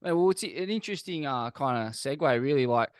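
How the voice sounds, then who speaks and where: A man's voice: mid-range voice, animated, brisk, clear, resonant tone, no room sound, studio quality. An Australian man hosting a podcast, laid-back and reflective, swearing casually as he chats. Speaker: podcast host. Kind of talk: casual interview chat.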